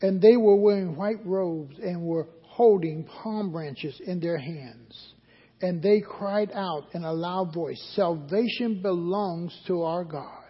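Slow and slightly rough, this high-voiced male preacher asks the congregation questions during his sermon and supplies the answers himself. It's a dull recording carrying long hall reverb.

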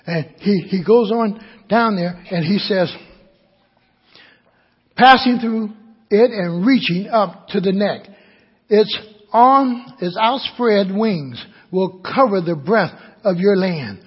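A man preaching a sermon as pastor, swinging from shouted cries to hushed, drawn-out calls. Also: high-pitched, husky, big-room sound, lo-fi sound.

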